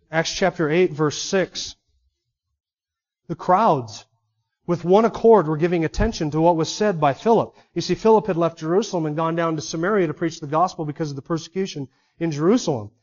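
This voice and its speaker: A man with a high voice delivers an expository sermon, pressing his listeners with rhetorical question after rhetorical question. His emphatic preaching comes through a dull, muffled, lo-fi recording. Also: moderate pace, a little mellow. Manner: emphatic, asks the audience many rhetorical questions.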